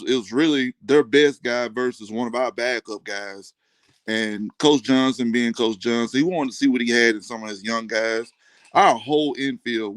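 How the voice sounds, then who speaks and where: Guy talking baseball on a sports chat, steady, lots of um's, dry close sound. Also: medium pitch, no room sound. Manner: even, matter-of-fact, with frequent "um". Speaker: baseball commentator guest.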